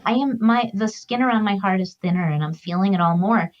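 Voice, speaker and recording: A woman's voice: mid-range voice, fairly quick, lo-fi sound, a little hiss or hum. A middle-aged woman, a guest, telling a personal story in an earnest, emotional, reflective way. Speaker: guest, author and grief counselor. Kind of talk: heartfelt conversational storytelling.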